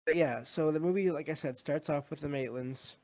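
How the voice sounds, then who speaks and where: A man's voice: a little high, brisk, darkish tone. Man casually reviewing a movie. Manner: rambling, many fillers, reads live chat. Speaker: podcast host.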